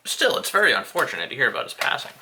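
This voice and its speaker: Showing his CD collection on camera, an American man speaks very fast in a bright, forceful mid-range voice whose pitch swoops wildly. His casual commentary rambles and mocks himself, with the odd playful put-on voice, and there's slight background noise.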